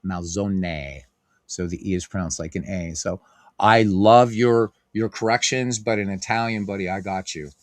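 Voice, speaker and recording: A man's voice: on the low side, moderate pace, no room sound, clean studio sound. A middle-aged man hosting a stream, calling a tabletop baseball game play by play and chatting with viewers in a loose, filler-heavy way. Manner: chatty, many fillers, reads and answers viewer comments. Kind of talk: casual play-by-play and chat with viewers.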